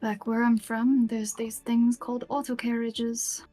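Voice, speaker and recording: Calm woman player in character. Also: fairly high pitch, unhurried, faint music behind. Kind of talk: in-character table talk.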